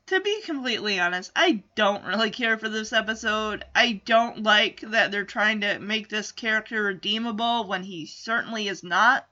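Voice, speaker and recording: Woman reviewer, opinionated and expressive, high, bright voice, lo-fi audio. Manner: opinionated, animated storytelling. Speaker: reviewer recapping a TV episode. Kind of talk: casual recap commentary. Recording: slightly dull lo-fi audio.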